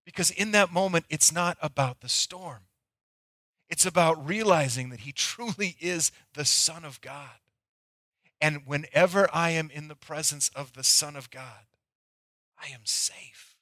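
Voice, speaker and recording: A male pastor preaching a sermon, moving between loud acted pleas and near-whispers. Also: fairly high pitch, measured pace, no room sound, clean studio sound.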